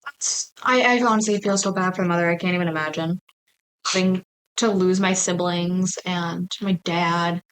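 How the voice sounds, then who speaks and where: A woman's voice: fairly low pitch, steady tone, moderate pace, fairly bright tone, low-quality recording. A woman hosting a paranormal podcast, chatting casually and reading a story aloud cold, with sympathetic reactions. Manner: reads unrehearsed, sympathetic reactions. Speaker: podcast host.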